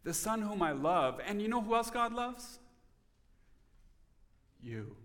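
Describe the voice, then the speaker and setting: A man preaching a sermon as pastor, earnest, dropping to soft tones for emphasis. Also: sits high, big pitch swings, takes it slowly, long reverb tail.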